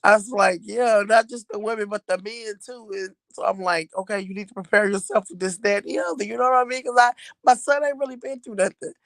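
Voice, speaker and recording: A woman's voice: mid-range voice, brisk, gravelly, hardly any pauses, dry recording. A middle-aged woman from Texas, a mother telling viewers a story about her son in a casual, chatty way, laughing often and using slang. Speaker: mother talking about her son's new job.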